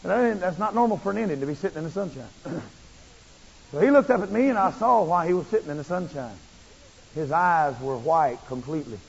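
A male preacher giving a fervent, repetitive sermon that rises into shouts. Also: fairly high pitch, lively intonation, a little fast, gravelly, slightly rough. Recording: muffled, long hall reverb.

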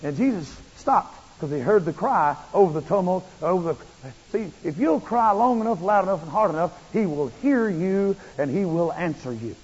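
A male preacher giving a fervent, repetitive sermon that rises into shouts. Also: high-pitched, expressive, normal speed, husky. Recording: muffled, long hall reverb.

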